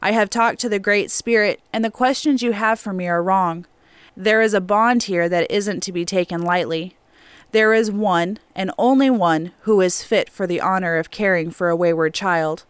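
A woman doing a wise old elder, calm and firm, clean polished voice, no room sound, audiobook. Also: medium pitch, smooth, no echo, lightly acted. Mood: solemn. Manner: measured, solemn pronouncements. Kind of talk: audiobook character reading.

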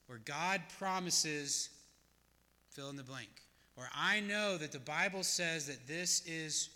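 A man's voice: a little high, bright, forceful tone, long reverb tail. A male pastor preaching a sermon, earnest and plain-spoken, often asking his listeners questions.

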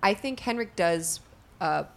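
A woman's voice: medium pitch, expressive, unhurried, vocal fry, fairly bright tone. A woman tabletop player chatting casually and narrating what her character does.

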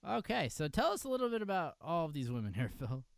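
A podcast host from upstate New York, with a New York accent, runs a casual wrestling show, joking and laughing often. His fairly high voice is sing-song, fast and creaky. The studio-quality sound has no echo.

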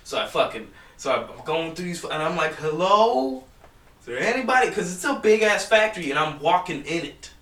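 A man's voice: a little high, a little fast, few pauses, fairly bright tone. A young man telling a rambling, profanity-filled story in casual chat with friends. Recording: echoey room from far off.

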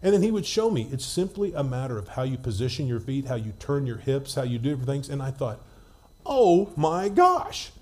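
A man delivers a sermon in a relaxed, conversational way, often restarting his phrases as he tells a story. His voice is mellow and dark, sitting at an ordinary pitch. When he reads scripture, his delivery slows and becomes more measured. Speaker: preacher.

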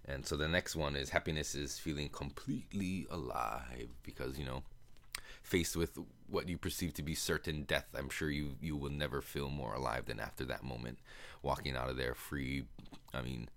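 Bass-voiced yet fairly bright in tone, this podcast host wanders through a movie plot casually, peppering it with fillers and swearing. Now and then he performs the characters' lines in quick voices.

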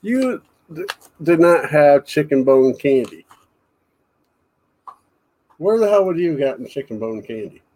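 A man's voice: a little high, sing-song, unhurried, pauses often, warm tone. A man hosting a paranormal podcast, chatting casually and teasing his guest. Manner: teasing, joking. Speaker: podcast host. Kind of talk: casual chat.

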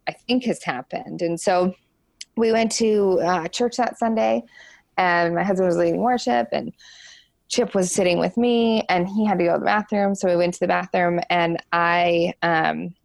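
Young woman guest, low gravelly voice, frank halting storyteller, dry close sound. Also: dry recording. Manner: halting, lots of "like" and "um" fillers; frank and open. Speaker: interview guest. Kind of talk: candid personal storytelling.

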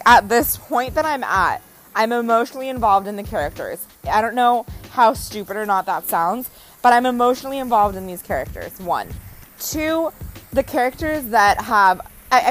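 A young adult woman vlogs to camera in a casual chat, telling stories dramatically and animatedly with acted-out quotes. Her voice is mid-range, and the low-quality recording has slight background noise.

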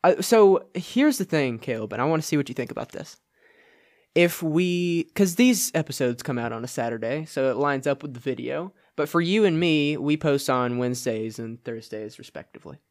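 A young man with a slightly higher-than-usual voice, co-hosting a casual podcast. He rambles with plenty of "like"s and often breaks into laughter. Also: expressive, moderate pace, darkish tone. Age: young adult. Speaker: podcast co-host. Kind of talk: casual chat.

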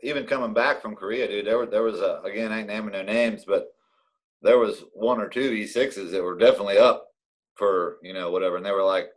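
A man's voice: lowish voice, a little fast. Laid-back man chatting and laughing. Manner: relaxed, laughs often, short replies. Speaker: army veteran friend. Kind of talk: casual profane chat.

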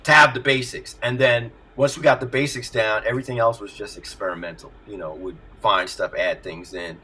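A middle-aged man, a music producer, telling stories in an animated way and laughing often during a casual interview over a video call. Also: on the low side, a little fast, breathy edge, rough recording. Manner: animated storyteller, laughs often, acts out voices.

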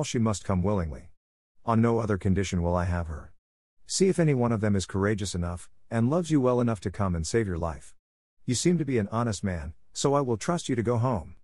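A man's voice: on the low side, darkish tone, no room sound, studio quality. A man reading as a grim, angry beast lord. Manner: grim, commanding. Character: angry stern male beast lord of a palace. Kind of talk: audiobook character reading.

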